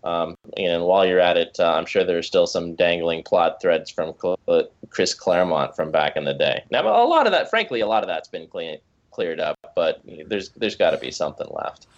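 A man's voice: sits low, big pitch swings, moderate pace, lo-fi sound. A man co-hosting a podcast in casual chat, rambling with lots of fillers, restarts and swearing. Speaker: podcast co-host.

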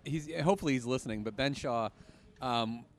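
A man hosting a podcast, telling an animated story in casual chat and laughing as he talks. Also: medium pitch, a little fast. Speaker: podcast host.

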